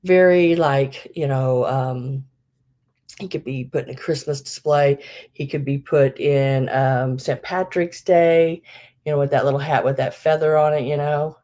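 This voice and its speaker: A woman's voice: sits low, fairly even intonation, measured pace, mellow. A middle-aged woman hosting a live vintage sale, chatting casually with many fillers and laughing at herself. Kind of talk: casual live-stream selling.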